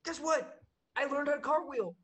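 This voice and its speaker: A man's voice: very high-pitched, normal speed. A young man co-hosting a podcast, chatting casually and telling stories with lots of fillers and laughter. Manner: excitable, laughing storyteller with many fillers. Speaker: podcast co-host. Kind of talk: casual chat.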